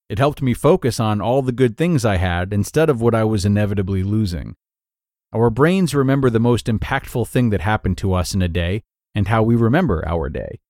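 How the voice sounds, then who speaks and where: A man hosting a podcast who reads a blog post aloud in an earnest, measured way, then comments on it. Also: lowish voice, darkish tone, dry recording, clean studio sound. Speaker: podcast host.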